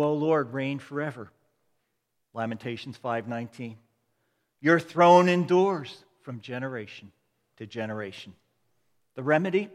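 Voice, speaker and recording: A man preaching a sermon as a pastor, with repeated refrains and swells of emphasis. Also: on the high side. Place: church sanctuary. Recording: long reverb of a large hall.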